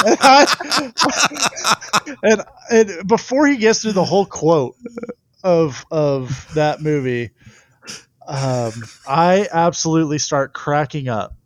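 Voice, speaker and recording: A young man, a baseball pitcher, telling stories in a casual interview and laughing often. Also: big pitch swings, takes it slowly, long pauses, dry recording.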